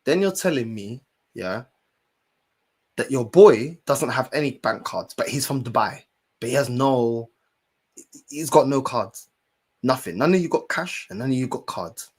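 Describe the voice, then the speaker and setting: A young man, a streamer telling a story in an animated, slangy way and swearing now and then. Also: mid-range voice, measured pace, long pauses, slightly rough. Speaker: streamer and fan channel host. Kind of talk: casual storytelling chat.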